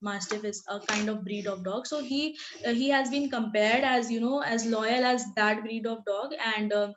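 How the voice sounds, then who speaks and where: A woman's voice: on the high side, moderate pace, noisy background. A woman teacher explaining a short story in a recorded lesson, talking hesitantly with many fillers and restarts and often asking "right?". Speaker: literature teacher.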